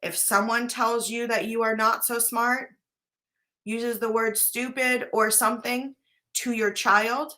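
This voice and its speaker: Woman, life coach, bright clear voice, chatty, earnest, casual talk to camera. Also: on the high side, fairly even intonation, slow pace. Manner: chatty, earnest, says "right?" often. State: briefly choked up at times.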